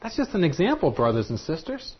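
A man preaching a sermon in an animated, emphatic way. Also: fairly high pitch, a little fast, breathy edge. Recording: dull lo-fi recording.

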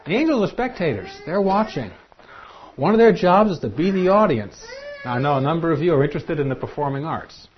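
A man preaching a sermon in an animated, emphatic way. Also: a little high, fairly quick, slight background noise. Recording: dull lo-fi recording.

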